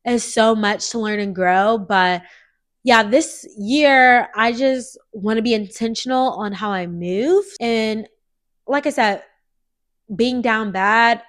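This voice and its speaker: A woman's voice: fairly high pitch, takes it slowly, a bit bright. A woman in her twenties hosting a casual solo podcast, sounding nasal from a cold she is still getting over, chatty and earnest with lots of filler words. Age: 20s. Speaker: podcast host.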